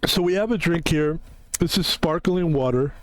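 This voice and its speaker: A man casually comments on a card game he's streaming, meandering between jokes and frequent swearing. His voice is a little high and moderately paced, and the recording is low quality.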